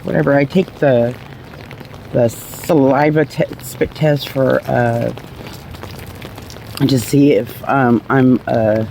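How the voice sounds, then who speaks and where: Middle-aged woman, raspy gravelly voice, talking straight to camera, blunt and rambly, cusses a bit. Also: rumbling low, fairly even intonation, slow pace, pauses often, a little mellow, a little hiss or hum, rough recording. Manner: rambling, blunt, swears casually. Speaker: vlogger sharing her cancer story. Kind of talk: candid personal storytelling.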